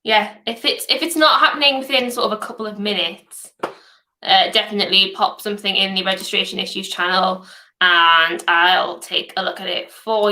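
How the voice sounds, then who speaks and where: A young woman from northeast England with a softened Geordie accent and a sore throat, chatting casually as host of a hackathon livestream Q&A. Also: mid-range voice. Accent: softened Geordie, somewhat posh. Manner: chatty, reads questions aloud, hums while waiting.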